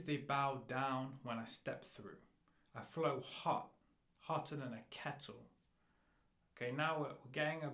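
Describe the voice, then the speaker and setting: A man's voice: medium pitch, fairly bright tone. A man giving a rap lesson, explaining rhymes and rapping short example bars between explanations. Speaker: rap teacher. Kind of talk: instructional talk with rapped examples. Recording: roomy echo.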